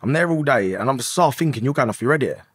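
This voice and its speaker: A man's voice: mid-range voice, expressive, fast talker, a bit bright, breathy edge, dry recording, clean studio sound. A man in his thirties, a podcast guest, telling his story in an emotional, rambling way and swearing often. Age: 30s. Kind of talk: candid confessional storytelling.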